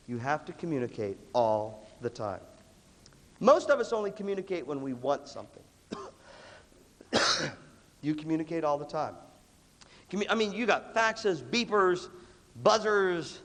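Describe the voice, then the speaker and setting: Male seminar speaker, a lively storyteller who acts out scenes, with a lot of pitch movement, recorded in a big echoing hall. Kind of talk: lively seminar talk to a live audience. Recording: long hall reverb.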